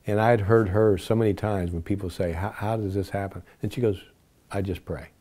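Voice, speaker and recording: An older man with a mellow, fairly low voice tells personal stories in an interview. He is earnest throughout and grows animated whenever he quotes what people said. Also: a little fast. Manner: earnest, animated when quoting dialogue. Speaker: interview guest. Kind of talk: personal storytelling.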